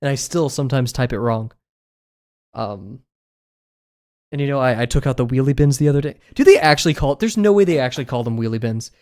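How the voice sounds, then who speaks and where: A man's voice: medium pitch, expressive, a little fast, darkish tone. A young man chatting casually while he draws on a livestream, rambling and giggling with lots of filler words. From United States. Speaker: streamer.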